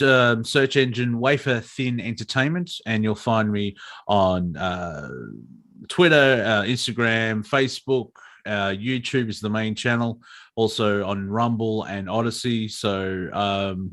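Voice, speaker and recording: A man's voice: lowish voice, a bit bright. A man with an Australian accent, co-hosting a casual comedy chat in a rambling, profane, self-mocking way. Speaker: co-host, comedian and audiobook narrator.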